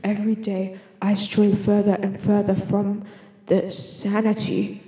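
A woman's voice: mid-range voice, flat delivery, unhurried, mellow. A woman, a student, talking to herself in a playful, rambling monologue that keeps interrupting itself. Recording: echoey room with long reverb.

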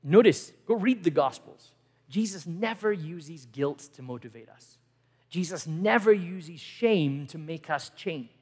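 A middle-aged male pastor giving an earnest sermon, moving between emphatic lines and hushed ones. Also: on the high side, animated, a little slow, husky. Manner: earnest, dynamic preaching that swings from emphatic to hushed. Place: church hall. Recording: reverberant church hall.

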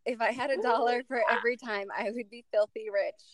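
A woman's voice: a little high, fairly even intonation, fairly quick, a crowd in the background. A woman hosting a casual chat, talking in a conversational, somewhat hesitant way as she leads into questions. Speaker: host.

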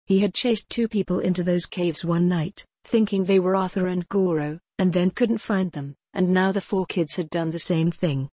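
Lady reading a kids story, low-ish warm voice, kinda breathy. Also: fairly even intonation, moderate pace, hardly any pauses, dry recording, clean studio sound. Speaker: audiobook narrator. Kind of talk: scripted storybook narration.

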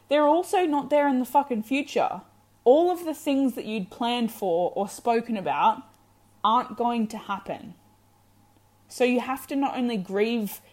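A woman's voice: fairly high pitch, a little mellow. A young adult woman vlogging candid breakup advice, frank and encouraging, swearing freely. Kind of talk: candid direct-to-camera advice.

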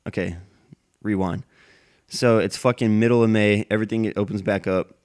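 Foul-mouthed man with a low, smooth voice. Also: steady tone, moderate pace, a little mellow. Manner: profane, rambling, heated. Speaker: military veteran telling a personal story. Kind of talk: casual storytelling monologue. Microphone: plug-in microphone.

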